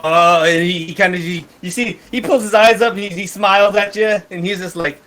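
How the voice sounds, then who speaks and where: A man's voice: high-pitched, a little fast, hardly any pauses, a bit bright. A man narrating a tabletop game as game master, rambling with many restarts.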